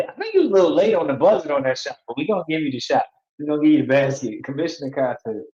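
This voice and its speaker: A man's voice: medium pitch, darkish tone. Man hosting sports picks, echoey lo-fi. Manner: loose, playful, repeats words and trails off. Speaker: sports talk show host. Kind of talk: casual live sports chat, reading viewer picks. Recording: echoey, dull lo-fi sound.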